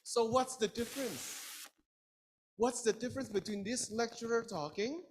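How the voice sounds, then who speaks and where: A man's voice: very high-pitched, normal speed, a little hiss or hum, poor audio. A man lecturing a class in an interactive style, asking his audience questions. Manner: lively, engaging, asks the audience questions.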